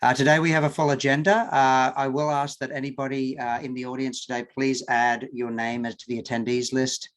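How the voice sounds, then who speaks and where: A man's voice: medium pitch, level tone, brisk, hardly any pauses. A man with a nasal Australian accent, chairing an online working group meeting in a friendly, chatty way full of fillers. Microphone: video call.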